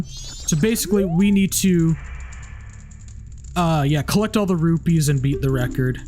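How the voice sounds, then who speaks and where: A man talks through his gameplay in a casual let's play, rambling and restarting his sentences often. His voice sits a little high. Game music plays clearly underneath. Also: measured pace, pauses often. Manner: rambling, with many restarts and fillers. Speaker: gameplay commentator. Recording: game music playing behind.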